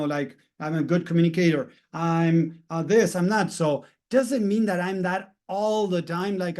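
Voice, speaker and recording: Guy doing a mindset coaching talk, kinda high voice, rambly, lots of "right?" and "you know". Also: a little mellow. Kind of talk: motivational self-help talk to viewers.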